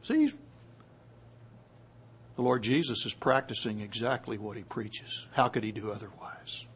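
A man preaching a sermon, moving from quiet, hushed passages up to loud, emphatic peaks, and slowing down to stress key words. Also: fairly low pitch, slightly rough.

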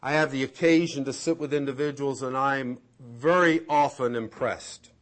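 A man preaching a sermon, swinging from loud emphatic peaks to hushed asides. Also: mid-range voice, steady tone, moderate pace. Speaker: pastor.

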